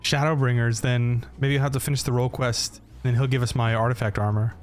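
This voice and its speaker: A man's voice: mid-range voice, level tone, fast. A man streaming a game, chatting casually, laughing often and reading in-game dialogue aloud in playful put-on voices. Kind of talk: casual gameplay commentary.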